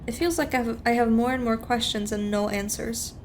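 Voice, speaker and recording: Woman streamer, slightly high voice, chatty rambling asides, reading a game aloud, faint hum. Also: fairly even intonation, a little fast, darkish tone.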